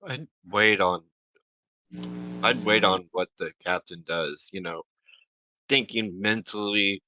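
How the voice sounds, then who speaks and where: A man playing a tabletop game, giving slow, brief answers. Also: on the low side, sharp tone, no echo, rough recording. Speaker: player.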